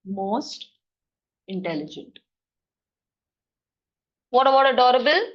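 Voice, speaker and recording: Brisk woman teacher. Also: a little high, expressive, muffled recording. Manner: brisk, coaxing, quizzes students. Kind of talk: classroom grammar lesson. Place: classroom.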